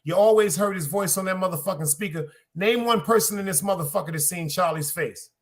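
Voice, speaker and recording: A middle-aged man hosting a podcast, talking loudly in profane, casual street slang. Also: high voice, brisk. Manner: loud, profane street talk. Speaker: podcast host. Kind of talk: casual chat.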